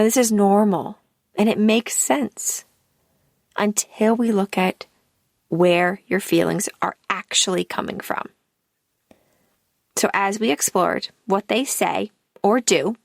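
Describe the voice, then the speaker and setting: A woman life coach hosting her podcast, speaking in a calm, deliberate scripted monologue, and her line ends often trail off into breath. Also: mid-range voice, vocal fry, no echo, studio quality.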